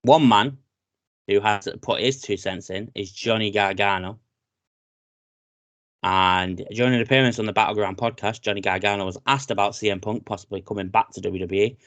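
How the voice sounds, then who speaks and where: A man's voice: fairly low pitch, moderate pace, no room sound. Chatty British man, dry close sound. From Britain. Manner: chatty, excitable, says "mate" a lot. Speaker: podcast co-host. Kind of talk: casual wrestling chat.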